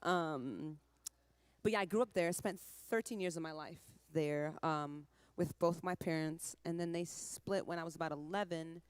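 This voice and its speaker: A low-pitched woman in her twenties from Trinidad, a light Caribbean lilt under her American speech. She chats freely, laughing between quick asides. The sound is dry and close. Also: smooth, no echo. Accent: light Caribbean under an American accent. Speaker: musician guest. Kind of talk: casual interview chat.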